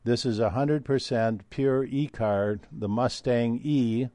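An older man hosting a solo talk, speaking in a rambling, digressive way with frequent hesitant pauses. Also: medium pitch, warm tone, no echo.

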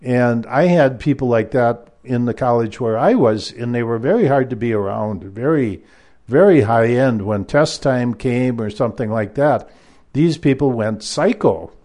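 A man recounts a personal story in a loose, rambling way, full of fillers and restarts. His voice sits at a medium pitch with a mellow, warm color. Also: expressive, normal speed. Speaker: former university math lecturer.

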